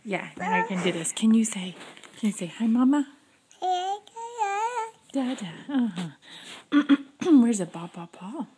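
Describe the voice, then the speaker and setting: A young mother with a high, bouncy voice speaks slowly in coaxing baby talk, praising her little one. It sounds like a home camcorder clip with plenty of background noise. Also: lively intonation, warm tone. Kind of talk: home video, talking to a baby.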